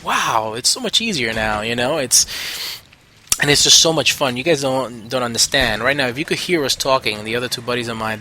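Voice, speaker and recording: A man's voice: medium pitch, bright, forceful tone, a little hiss or hum. Chatty, rambling male gameplay commentator. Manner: rambling, enthusiastic, many fillers and restarts. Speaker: gaming video host.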